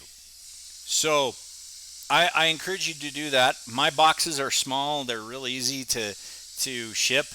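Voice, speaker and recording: An American glass artist talks casually while he works, folksy and easygoing, with a sharp, very bright tone. His pitch sits in the ordinary middle range for a man. A faint hiss runs behind him. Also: rough recording. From United States. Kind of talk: casual vlog talk while working. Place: home glass studio.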